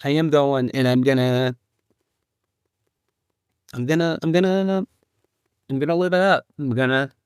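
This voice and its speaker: A grieving man records a halting, rambling solo podcast update, restarting his sentences as he searches for words. His voice sits at an ordinary middle pitch and comes across close and dry, with no room sound around it. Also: clear, resonant tone, dry recording. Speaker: podcast host.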